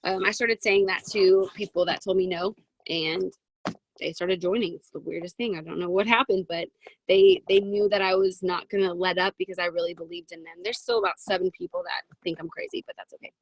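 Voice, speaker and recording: A woman in her twenties giving a chatty, excitable motivational talk to a sales team over a video call from her closet, with plenty of "um" and "right?". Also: lowish voice, brisk, no room sound, low-quality recording. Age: 20s. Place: home walk-in closet.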